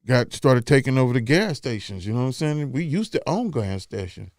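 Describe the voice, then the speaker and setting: A man hosts a casual podcast in a relaxed, slangy way. His voice sits at an ordinary middle pitch, and he talks easily and with humor. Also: brisk, no echo, studio quality. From Cincinnati. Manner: laid-back, slangy, joking. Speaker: podcast host.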